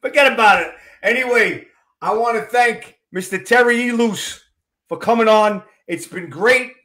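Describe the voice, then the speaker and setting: Joking New York man, high and roomy. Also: measured pace, pushed and bright. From Queens, New York. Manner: joking, keeps saying "forget about it". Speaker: host. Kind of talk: casual interview chat.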